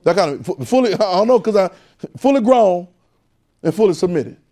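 A man's voice: high-pitched, expressive, fairly quick, dark tone. A man teaching a Bible class in a preaching style, repeating phrases and calling out questions to the room. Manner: call-and-response, repetitive, emphatic.

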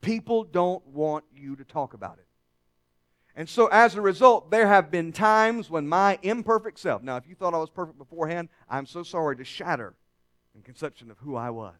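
A male pastor preaching a sermon to his congregation, swinging between hushed, confiding lines and loud, emphatic calls. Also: on the high side, lively intonation, normal speed. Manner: dramatic, swings from hushed to shouting.

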